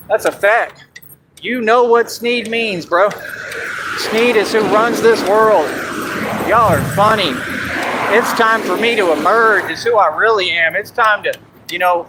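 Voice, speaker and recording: A man's voice: sits high, pushed and bright, slight background noise, poor audio. A man from Texas on a phone livestream, ranting in a brash, confrontational and boastful way. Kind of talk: livestream rant.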